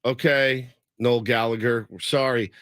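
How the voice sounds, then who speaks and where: Rambling storytelling radio host, dry sound. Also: male voice, mid-range voice, steady tone, a little slow, a bit bright, dry recording. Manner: rambling storyteller, imitates people he quotes. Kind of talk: casual sports radio chat. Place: radio studio. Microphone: studio microphone.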